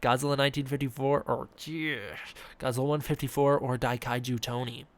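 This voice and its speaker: A young man streams live from home, chatting casually and reading viewer questions from chat, with plenty of fillers. His voice sits mid-range with little pitch movement and a slightly fast pace, picked up indoors by a desk mic alongside his face cam.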